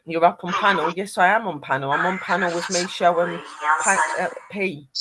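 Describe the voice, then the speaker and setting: A woman's voice: on the low side, steady tone, fairly quick, heavy background noise. Woman host talking to a spirit box. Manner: tender, talking to her late grandad. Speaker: host of a paranormal panel chat. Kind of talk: spirit box session, casual live chat.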